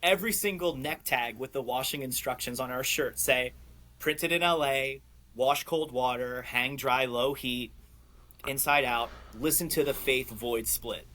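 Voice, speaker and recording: A man guesting on a podcast, telling stories in an animated, excitable way and laughing often. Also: mid-range voice, unhurried. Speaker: podcast guest, clothing brand owner. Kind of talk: casual storytelling chat.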